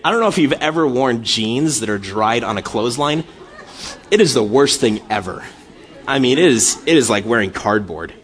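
A man's voice: medium pitch, expressive, normal speed, a bit bright, a little hiss or hum. A man in his thirties preaching a sermon, telling self-deprecating stories with frequent laughs and building to impassioned intensity. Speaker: pastor.

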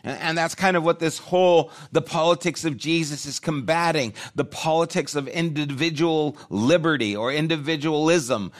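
A man's voice: fairly high pitch, moderate pace, hardly any pauses. A man preaching a sermon, talking in a conversational way and thinking aloud with restarts. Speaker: pastor.

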